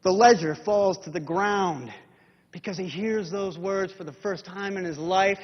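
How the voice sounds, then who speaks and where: A man preaching a sermon as a dramatic story, acting it out and swinging from hushed whispers to shouted calls. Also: high voice, measured pace. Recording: dull lo-fi recording in a reverberant hall.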